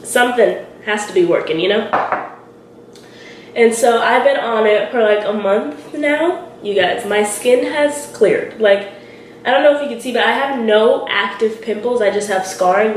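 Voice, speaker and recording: Speaking at a normal pace, a chatty young woman with a higher voice shares get-ready-with-me stories as a beauty vlogger. She's animated and giggly and imitates people in lively voices. Her echoey room adds roomy reverb and a faint hiss.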